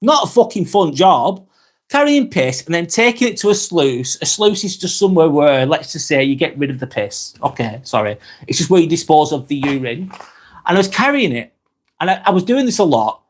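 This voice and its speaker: A man's voice: on the high side, sing-song, moderate pace. A young man with a broad Lancashire accent, hosting a casual live vlog, chatting to viewers and swearing freely as he reads their comments. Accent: Lancashire English. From Northwest England. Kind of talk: casual live-stream chat reading out comments.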